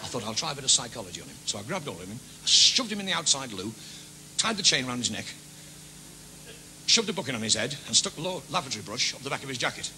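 A man with a Liverpool accent doing a stand-up comedy routine, rattling off gags and bursting into shouted character voices. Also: mid-range voice, very animated. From England. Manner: quick gag delivery with sudden shouted character voices. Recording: noisy stage recording with laughter.

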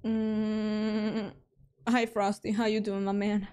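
Female streamer, mid pitch, slow delivery, theatrical scared reactions during gameplay commentary. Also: flat delivery, warm tone, smooth. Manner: jumpy, dramatic reactions with frequent laughs; talks to chat. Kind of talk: live game commentary.

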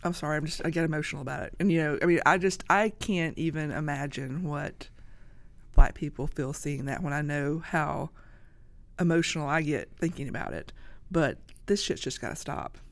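Halting woman podcast guest. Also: low-pitched, dry recording. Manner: hesitant, halting, many restarts. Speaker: guest, social media creator. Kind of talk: casual interview talk.

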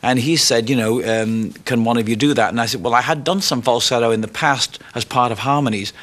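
A man being interviewed, telling stories about his past in a reflective, unhurried way. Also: mid-range voice, a bit bright. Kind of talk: reminiscing interview.

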